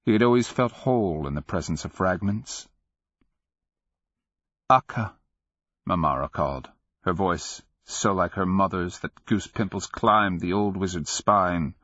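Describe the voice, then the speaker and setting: A man narrating a fantasy audiobook in a measured, grave, steady reading, in a dry and slightly dull studio recording. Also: low voice, dry recording. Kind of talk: scripted narration.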